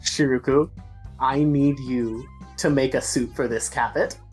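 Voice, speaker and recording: Talkative, grandiose young woman, low voice; played by a woman. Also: fairly even intonation, a little slow, darkish tone, soft background music. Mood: grand.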